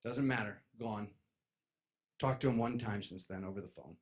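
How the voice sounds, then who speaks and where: A young man telling a personal story to an audience, acting out the voices of his friends and jumping from loud, high outbursts down to low mutters. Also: moderate pace. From East Coast of the United States. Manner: lively, acts out friends' voices, jumps loud and high then drops to a mutter.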